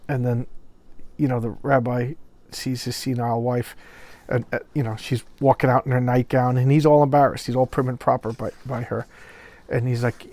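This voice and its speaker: A man reviewing a comic book in a casual video, speaking haltingly, often repeating words, and openly moved by the pages. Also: mid-range voice, little pitch movement, warm tone.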